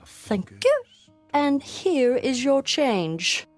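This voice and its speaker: Playful game teen girl, bright and teasing in her banter. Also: high-pitched, wildly swooping pitch, extremely slow, faint music behind, full character voice. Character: teenage girl, cheeky and playful. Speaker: game character. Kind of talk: video game voice acting.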